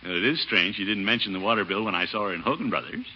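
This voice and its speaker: An actor playing a pompous, easily flustered middle-aged bachelor in a 1940s radio comedy, blustering and chuckling. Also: male voice, fairly low pitch, expressive, very fast, breathy edge. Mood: blustery. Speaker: water commissioner. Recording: dull old radio broadcast with faint hiss.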